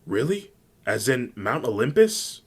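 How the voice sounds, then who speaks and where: A man voicing a cheerful teenage hero girl in a fan-made story reading, raising his low voice to sound eager and friendly. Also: measured pace. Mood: bubbly.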